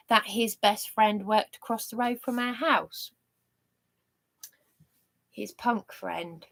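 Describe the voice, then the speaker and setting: A middle-aged woman from England talking in a rambling personal monologue, halting, with many restarts and fillers. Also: mid-range voice, creaky. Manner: earnest and fervent when talking of faith. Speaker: vlogger.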